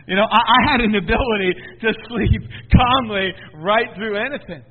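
A high-voiced man preaches a sermon, dropping to a hush and then rising loud, often stumbling and repeating words. The sound is thin and tinny like a phone line, with a long echo trailing off in a large hall. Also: normal speed, slight background noise.

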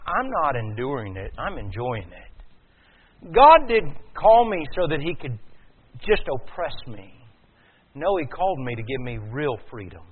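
A male preacher delivering a sermon, swinging from quiet, slow passages to loud, rising emphasis. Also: mid-range voice, big pitch swings, husky. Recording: tinny phone-like sound.

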